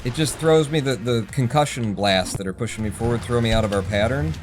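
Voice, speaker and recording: A man's voice: mid-range voice, a little fast. A man streaming a speedrun, commenting on his play while swearing and talking to himself. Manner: swears often, mutters running self-talk. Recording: game music under voice.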